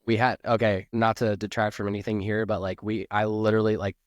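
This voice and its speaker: A man's voice: fairly low pitch, level tone, fairly quick, no echo, clean studio sound. A man speaking as a podcast guest, rambling earnestly and filling his sentences with "like". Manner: rambling, earnest, heavy use of "like", restarts. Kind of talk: podcast interview.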